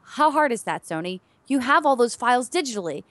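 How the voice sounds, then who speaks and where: A young adult woman co-hosting a casual gaming chat show, animated and given to loud exclamations. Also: a little high, fairly quick, dry recording. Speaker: podcast co-host.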